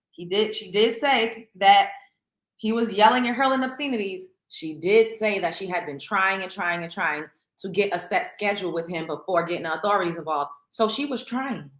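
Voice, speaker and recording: A woman hosts a celebrity gossip show. She reads news aloud and then gives blunt, emphatic opinions in a bright, sharp voice. The room around her rings with echo. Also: medium pitch. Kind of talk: commentary on news.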